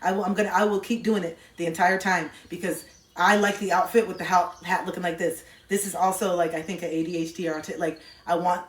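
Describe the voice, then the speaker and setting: Playful female streamer, casual chat to viewers, animated, goofy sound bits, echoey room. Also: on the low side. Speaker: livestream host talking to chat.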